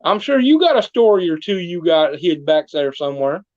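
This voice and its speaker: A man's voice: fairly high pitch, big pitch swings, normal speed, darkish tone, dry recording, highs cut off. A man, playing a small-town mayor who tells comic tall tales in an interview and does voices for the people in them. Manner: folksy tall-tale teller, doing voices for the people in his stories. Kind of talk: comic storytelling in a podcast interview.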